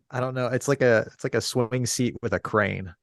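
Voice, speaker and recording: A man co-hosting a podcast in candid casual chat, laid-back and quick to laugh. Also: medium pitch, no echo, studio quality. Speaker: podcast co-host.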